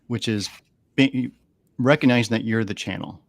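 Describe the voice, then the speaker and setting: A man's voice: on the low side, normal speed, no echo, studio quality. A man talking earnestly on a podcast, telling stories and often repeating words as he gathers his thoughts. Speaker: animal communicator guest. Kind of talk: storytelling interview talk. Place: podcast studio.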